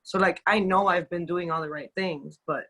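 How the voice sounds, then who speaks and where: A woman's voice: lowish voice, fairly even intonation, moderate pace, a bit bright, poor audio. A woman from Cuba being coached, talking in a chatty way with many fillers. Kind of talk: casual chat.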